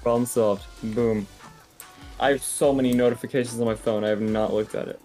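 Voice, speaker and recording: A woman chatting calmly and matter-of-factly while playing a game on a podcast. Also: a bass voice, a little fast, soft background music. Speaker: gamer on a podcast. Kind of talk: casual chat while playing.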